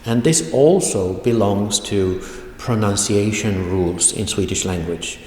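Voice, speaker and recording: Low-voiced guy teaching a language class online, super slow, repeats phrases, echoey room with a long tail. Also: a little mellow. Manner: slow, deliberate, repeats example phrases for pronunciation. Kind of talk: online video lecture.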